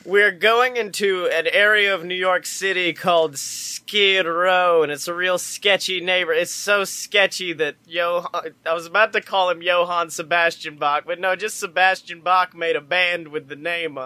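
Brief: man, podcast co-host, high bright voice, dry close sound, profane and joking. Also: steady tone, a little slow, few pauses, no echo. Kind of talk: casual chat.

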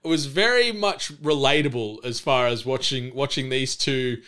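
A man talking casually on a podcast, recapping an episode with enthusiasm and frequent fillers. His voice is bright and forward. Every word is crisp and smooth. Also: mid-range voice, moderate pace. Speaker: podcast co-host. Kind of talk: casual chat.

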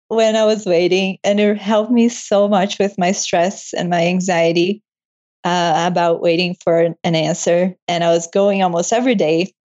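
A woman's voice: on the low side, a little mellow. Young woman guest, laughs a lot, heartfelt storytelling, slightly muffled lo-fi recording. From moved to Canada. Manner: laughs often, emotional storyteller. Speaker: guest, medical student. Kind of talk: casual interview chat. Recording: muffled lo-fi audio.

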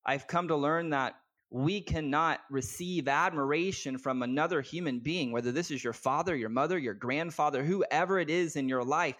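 A man's voice: fairly high pitch, normal speed, fairly bright tone. A man speaking as a guest business coach, telling a personal story earnestly and from the heart, with many filler words and restarts. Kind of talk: candid personal storytelling in conversation.

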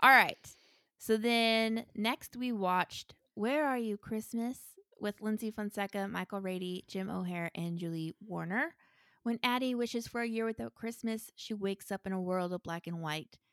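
In clean studio audio with no echo, a woman co-hosting a podcast chats casually about movies in a mid-range, slightly bright voice at a moderate pace. She gives frank opinions and laughs between remarks.

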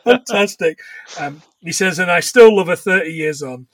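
A man's voice: high-pitched, lively intonation, normal speed, no room sound. A man co-hosting a podcast, chatting casually and laughing often as he acts out bits of dialogue. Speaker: podcast co-host. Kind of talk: casual chat recapping a film.

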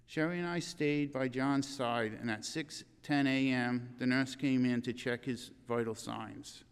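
An older man giving a eulogy in a church, reading in an earnest, halting way with restarts. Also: mid-range voice, fairly even intonation, clear, resonant tone, long reverb tail.

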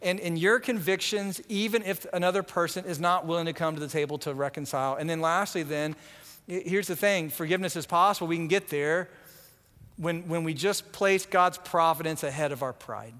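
A man preaching a sermon as pastor, animated, acting out quoted voices and often repeating words as he goes. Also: on the high side, a little fast, in a large hall.

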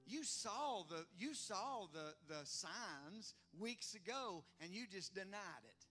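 A male preacher with a very high, bright, forceful voice delivers an animated sermon. He laughs often, acts out the voices he quotes and builds to loud, exclamatory praise, with faint music behind him. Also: unhurried.

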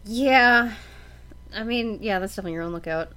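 A woman's voice: medium pitch, brisk, bright, forceful tone. A woman from Canada co-hosting a podcast in casual chat, giggling often and restarting her sentences. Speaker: podcast co-host.

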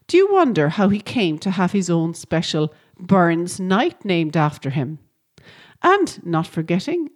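Lively woman podcast host. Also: mid-range voice. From Ireland. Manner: friendly, asks listeners direct questions. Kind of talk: scripted podcast narration.

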